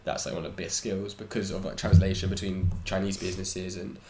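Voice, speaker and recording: A man's voice: sits low, level tone, brisk. Young man from England, casual slangy podcast chat, faint background hum, roomy echo. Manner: chatty, slangy, laughs often. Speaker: podcast host. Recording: echoey room with faint ambient noise.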